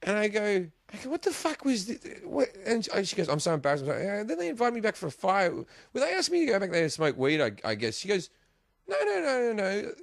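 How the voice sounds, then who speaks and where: Animated, swearing man telling stories. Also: high voice, quick pace, creaky, few pauses, no echo, clean studio sound. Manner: profane, laughing, acts out voices in anecdotes. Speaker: guest comedian. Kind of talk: animated storytelling chat.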